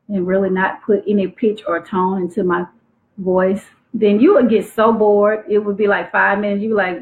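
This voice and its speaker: A woman teaching teen girls on a live stream, speaking clearly and expressively. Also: mid-range voice, normal speed. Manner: clear, articulate, expressive delivery. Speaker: youth self-esteem coach. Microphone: phone livestream. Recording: tinny phone-like livestream audio.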